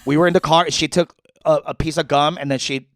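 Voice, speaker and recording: A man co-hosting a comedy podcast, telling animated, swear-filled stories and mimicking his mother. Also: on the high side, brisk, dry recording, studio quality. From United States. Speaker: podcast co-host. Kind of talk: casual comedic chat.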